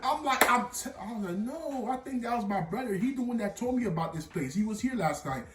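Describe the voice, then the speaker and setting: A young man telling an animated storytime tale full of slang, with bursts of laughter. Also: sits high, quick pace, recorded from a distance, very noisy. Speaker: vlogger. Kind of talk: storytime vlog. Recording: echoey room, off-mic.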